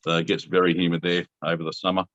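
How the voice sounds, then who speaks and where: A man's voice: low voice, flat delivery, very fast, a bit bright, no echo, muffled recording. A middle-aged Australian man hosting a casual video chat, easygoing and chuckling. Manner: easygoing, laid-back, chuckling. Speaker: host.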